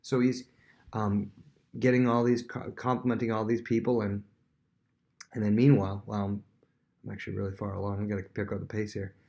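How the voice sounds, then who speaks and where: A man's voice: on the low side, level tone, a little fast, gravelly, pauses often, a little mellow. A man who is a worship leader, teaching a casual Bible lesson with everyday examples and frequent restarts.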